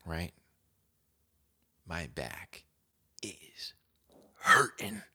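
A young man hosting his own podcast, telling a casual story in a slangy, animated way, dropping to whispers and jumping to shouts as he acts it out. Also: low voice, drawn-out words, slightly rough. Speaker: podcast host.

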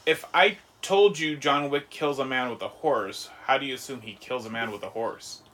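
A man's voice: medium pitch, moderate pace, pushed and bright. A man co-hosting a podcast, chatting casually about movies in a laid-back, profane way and quoting scenes. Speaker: podcast co-host.

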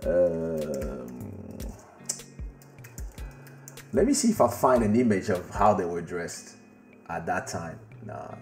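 Slow, lively-voiced male storytelling host. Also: low voice, vocal fry, roomy sound, faint music behind. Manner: animated, laughs often, swears freely, talks straight to a friend. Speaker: podcast host. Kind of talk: casual storytelling. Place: home studio during a live stream.

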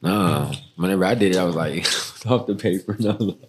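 A man's voice: sits low, normal speed, slight background noise. A man co-hosting a casual podcast, talking in a laid-back, slangy way. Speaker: podcast co-host. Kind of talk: casual chat.

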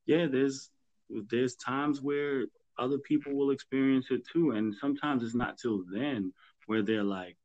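A man's voice: medium pitch, normal speed, a little mellow, no echo. A man hosting a podcast in casual chat, laid-back and slangy, laughing often. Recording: dull, dry sound.

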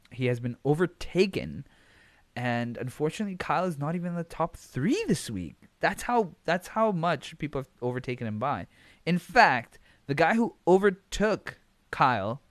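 A man's voice: mid-range voice, no room sound. Swearing, rambling male podcast host. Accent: switches between accents. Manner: rambling, swears freely, self-correcting. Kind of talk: casual solo podcast talk.

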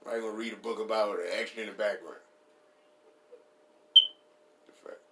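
A man's voice: lowish voice, fairly even intonation, normal speed, very noisy. A man hosting a comedy podcast, riffing in a profane, rambling, playful way. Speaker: podcast host.

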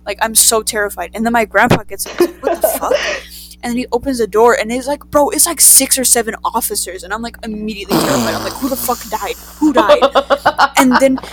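Animated young woman telling a story. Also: on the high side, quick pace, few pauses, a little hiss or hum. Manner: animated, profane, acts out quotes. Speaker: storyteller among friends. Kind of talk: casual chat.

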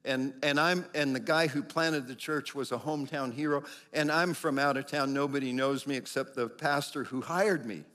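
A middle-aged man preaching a conversational sermon, lively, with animated quoted voices. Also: medium pitch, normal speed, hardly any pauses.

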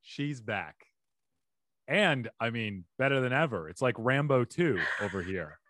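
A man's voice: mid-range voice, expressive, unhurried, fairly bright tone, no echo. Guy hosting a comedy podcast, goofy ad-libs, bouncy voice all over the place, dry sound. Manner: playful, joking, ad-libbing. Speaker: podcast host. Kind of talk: casual comedic chat. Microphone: remote call.

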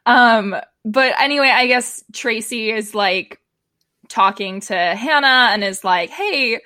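Bright chatty woman recapping a tv show, lots of ums and laughs, dry close sound. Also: fairly high pitch, slow pace, dry recording. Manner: chatty, laughs often, many fillers. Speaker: podcast co-host. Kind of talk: casual chat recapping a TV episode.

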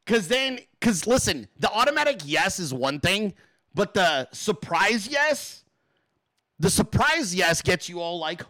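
Foul-mouthed man with a lively high voice. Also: unhurried, no room sound, studio quality. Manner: swears constantly, acts out quotes in exaggerated high voices. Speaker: livestream host. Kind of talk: profane unscripted rant to a live chat.

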